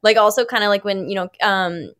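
A young adult woman, an actress guest on a podcast, telling stories in a casual, animated way full of fillers. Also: mid-range voice, fairly quick, smooth. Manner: animated, filler-heavy storytelling.

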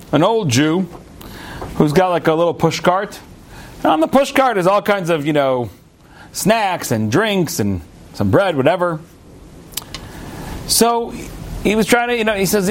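Rabbi teaching a class, animated storyteller, high voice, faint background hiss. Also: male voice.

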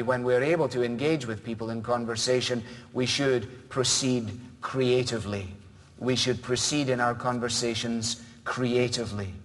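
A man preaching a sermon as pastor, measured and earnest, now and then mimicking other people's voices. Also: mid-range voice, long reverb tail.

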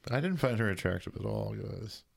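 Gravelly low-voiced man joking around. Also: expressive, fairly quick. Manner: crude jokey banter. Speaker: podcast co-host recapping a movie. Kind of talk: casual chat.

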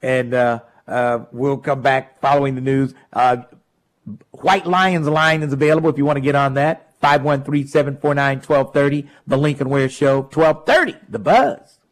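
A man's voice: medium pitch, moderate pace. A man hosting a call-in talk radio show, laughing and mocking callers. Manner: animated, laughs often, mocks callers.

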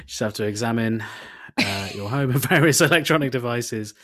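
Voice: mid-range voice, a bit bright. Co-host, dry teasing reactions, casual banter. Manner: wry, teasing listener with quick reactions. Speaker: podcast co-host. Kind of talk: casual chat.

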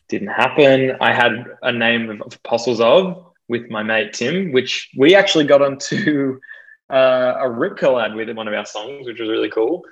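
A young Australian man chatting casually as an interview guest, self-deprecating and quick to laugh, with plenty of fillers. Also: mid-range voice, fairly bright tone, lo-fi sound. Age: young adult. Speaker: guest DJ and producer.

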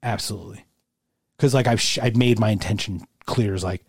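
A man's voice: fairly low pitch, brisk, breathy edge, no room sound, studio quality. A man in casual chat giving firm opinions, often restarting sentences and cracking jokes.

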